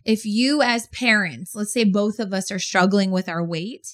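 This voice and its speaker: A woman's voice: mid-range voice, moderate pace, fairly bright tone. A woman co-hosting a casual podcast, telling stories frankly and with animation, swearing now and then. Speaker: podcast co-host. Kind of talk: casual chat.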